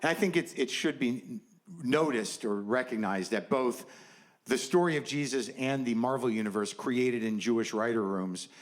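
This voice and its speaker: A man's voice: mid-range voice, normal speed. A man doing a stand-up comedy set on stage, riffing in a rambling, conversational and profane way. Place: stage before a live audience. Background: faint audience laughter.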